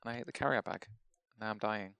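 Podcast co-host, gravelly voice, dry close sound, rambling, sweary. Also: male voice, on the low side, fast, fairly bright tone, no room sound. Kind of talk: casual chat.

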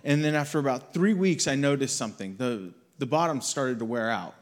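A man's voice: mid-range voice, brisk. Man telling a story in a sermon. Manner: storytelling, conversational, acts out quotes. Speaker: guest speaker. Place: church hall with audience.

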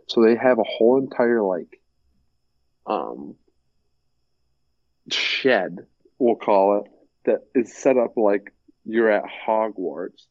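A young man chatting casually, rambling with lots of fillers and breaking into animated impressions. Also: on the low side, takes it slowly, pauses often, dry recording, muffled recording. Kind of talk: casual chat.

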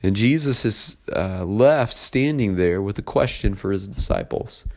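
A man preaching a sermon, reading a Bible passage and then explaining it in a relaxed, conversational way with frequent filler words. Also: lowish voice, a little slow. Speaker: pastor.

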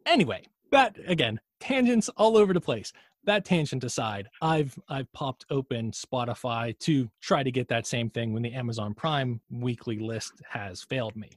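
A man's voice: mid-range voice, animated, moderate pace, no echo, clean studio sound. A man co-hosting a podcast in casual chat, rambling through tangents and swearing freely. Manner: rambling, profane, admits his own tangents. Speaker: podcast co-host.

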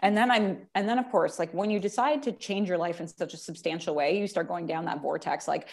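Casting: middle-aged woman, emotional and animated, warm storyteller in relaxed podcast chat. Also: on the low side, a little fast. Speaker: counsellor, podcast guest. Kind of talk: casual chat.

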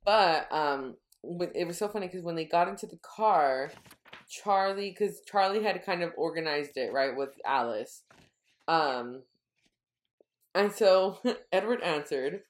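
A woman's voice: on the low side, animated, a little slow, roomy sound. A woman co-hosting a podcast, retelling a book chapter in casual chat, rambling and correcting herself as she goes. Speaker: podcast co-host.

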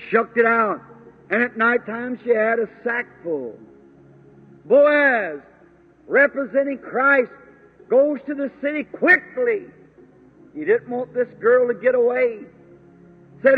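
A man preaches with a very high, husky voice, stretching each phrase slowly and fervently. His voice comes through a thin, tinny old tape recording. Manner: fervent, slow and drawn-out, with exclamations. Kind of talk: sermon.

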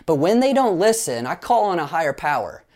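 A man preaching a sermon as pastor, telling lively stories with playful asides and leading the congregation in group actions. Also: a little high, brisk.

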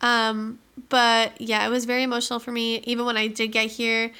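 Bright-voiced chatty young woman. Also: a little high, completely flat delivery, brisk, clean tone. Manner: chatty storyteller, frequent "like", laughing asides. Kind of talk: casual chat.

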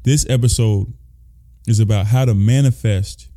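A man's voice: on the low side, steady tone, normal speed, dark tone. A man hosting a podcast in casual chat, hyped and playful, talking with a lot of energy. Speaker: podcast host.

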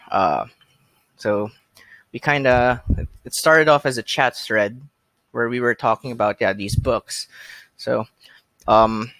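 A man hosting a podcast in casual chat, talking in a halting way with many fillers and restarts. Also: mid-range voice, fairly bright tone, no room sound. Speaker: podcast host.

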